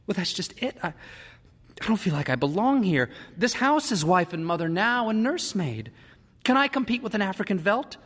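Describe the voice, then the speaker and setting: A man's voice: sits high, sing-song, moderate pace, a bit bright, long reverb tail, voice pushed up, heavily acted. A man voicing an anxious, tearful woman, a wife and mother, who pleads in a tense voice. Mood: distraught.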